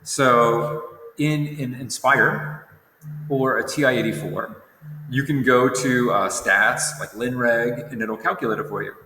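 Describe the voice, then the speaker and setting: A man's voice: medium pitch, fairly even intonation, a little slow, pushed and bright, slight background noise. A tired young man teaching a recorded lesson in a casual, rambling way, often correcting himself. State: tired, yawning. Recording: roomy echo with long reverb.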